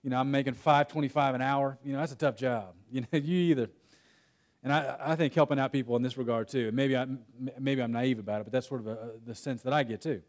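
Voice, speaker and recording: Speaking quickly with fairly even intonation, this young man from Texas has a mid-range voice and is leading a workshop in a conference room. His breakout talk is conversational and full of stories, and he often breaks off mid-sentence or laughs.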